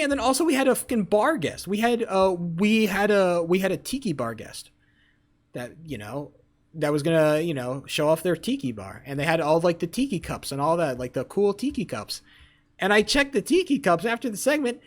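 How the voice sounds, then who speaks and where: Animated, profane young-sounding man streaming. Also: high-pitched, normal speed, faint music behind. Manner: animated, profane, rambling storytelling; teasing chat readers. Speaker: livestreamer. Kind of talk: casual livestream chat.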